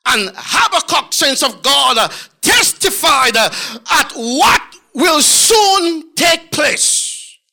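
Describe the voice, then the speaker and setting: Male pastor, fervent sing-song sermon, very high voice, slow delivery. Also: very animated, creaky, sharp tone. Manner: fervent, sing-song preaching with many fillers and repeats.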